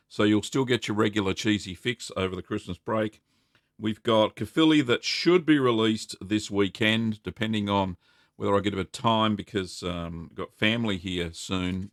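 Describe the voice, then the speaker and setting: Chatty Australian man with a low voice. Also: fairly bright tone, no room sound, studio quality. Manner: friendly, rambling, greets viewers by name. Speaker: host. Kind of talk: casual live-stream chat.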